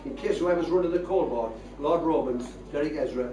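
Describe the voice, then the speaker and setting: A man's voice: a little high, brisk. An older man with a Northeast English accent telling comic stories to a live crowd, chatty and laughing at his own jokes. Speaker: comic storyteller and spoon player. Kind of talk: stand-up storytelling to a live crowd. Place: hall with live audience. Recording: roomy hall mic from far off, crowd.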